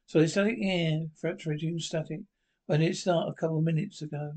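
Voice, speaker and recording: A man's voice: fairly high pitch, steady tone, a little fast, darkish tone. Man retelling a drama in terse lines. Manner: terse, reading out sound cues. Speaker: narrator. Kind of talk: retelling a drama aloud, with sound cues.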